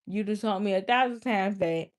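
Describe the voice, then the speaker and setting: A woman's voice: mid-range voice, normal speed. Young woman, live-stream host, exasperated, scolding, chatty, mid-range voice. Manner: exasperated, scolding, talks straight to viewers. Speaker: livestreamer. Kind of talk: casual live-stream talk to chat.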